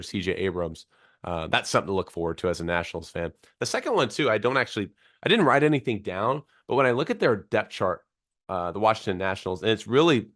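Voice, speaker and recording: A man's voice: lowish voice, fairly bright tone. A man hosting a solo baseball podcast, running through stats in a conversational way with fillers while his voice recovers from illness. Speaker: podcast host. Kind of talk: solo sports podcast commentary.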